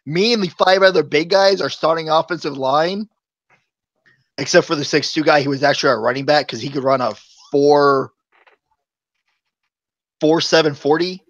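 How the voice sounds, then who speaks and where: A man's voice: on the high side, moderate pace, long pauses, a bit bright, dry recording, muffled recording. A man chatting casually on a live show, telling long rambling stories and chuckling often.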